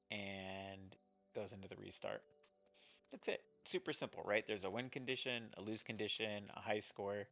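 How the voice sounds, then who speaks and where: A man's voice: lowish voice, muffled recording. A man casually talking about the small games he has made, rambling and self-deprecating with many fillers. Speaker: indie game developer and streamer. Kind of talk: casual chat showing his games.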